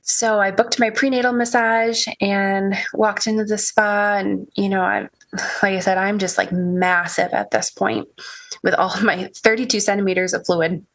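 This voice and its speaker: A young woman telling an emotional personal story as a podcast guest, halting with many restarts and soft laughs. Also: medium pitch, fairly even intonation.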